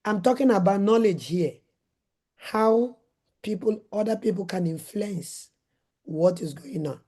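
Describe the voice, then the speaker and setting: Middle-aged Nigerian woman host, dark warm tone, animated storyteller. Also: mid-range voice, measured pace, husky. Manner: acts out her own shouted lines in a raised voice. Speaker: host, former nurse and midwife.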